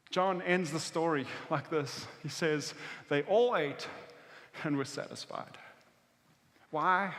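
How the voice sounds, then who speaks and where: A man preaching a sermon as pastor, telling a story vividly and swinging between intense outbursts and hushed moments. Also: high-pitched. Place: church auditorium. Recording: church hall reverb.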